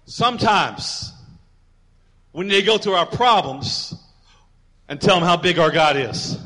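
High-voiced preaching man. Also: bright, forceful tone. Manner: preaching with rising volume and emphatic declarations; acts out quoted voices, dropping to a near whisper. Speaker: pastor. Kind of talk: sermon.

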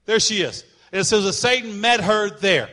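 A male pastor delivering a sermon, emphatic and repetitive, at times shouting. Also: high-pitched, animated, moderate pace.

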